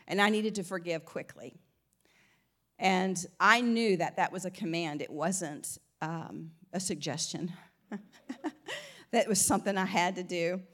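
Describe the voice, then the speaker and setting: A Christian speaker from the American South talks through an informal teaching with a slight Southern twang, her voice fairly low and a bit bright. She keeps a measured pace and pauses often, and she's chatty, laughing frequently and beginning phrases again.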